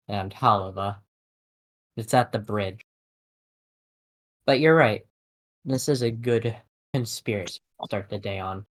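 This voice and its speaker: Guy running the game, calm measured narrating, mid voice. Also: mid-range voice, poor audio. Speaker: game master. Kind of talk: narrating and voicing characters in a tabletop game.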